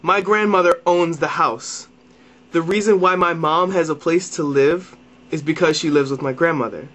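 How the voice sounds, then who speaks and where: A young vlogger with a high, slightly bright voice rants into his camera at normal speed, exasperated and swearing constantly. He builds his complaint by circling back, repeating phrases, and starting sentences over.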